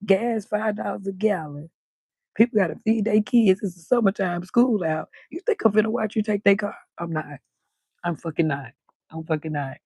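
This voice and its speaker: Gravelly, husky woman chatting late at night. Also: mid-range voice, normal speed, no room sound. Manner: loud, animated, cusses freely. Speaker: livestream host. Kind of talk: late-night livestream chat. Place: balcony outdoors at night.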